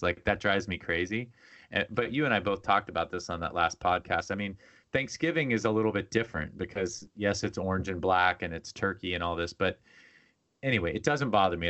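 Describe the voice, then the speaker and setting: A man's voice: deep voice, sharp tone. A man hosting a podcast in casual chat, joking and rambling in a self-deprecating way. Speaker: podcast host.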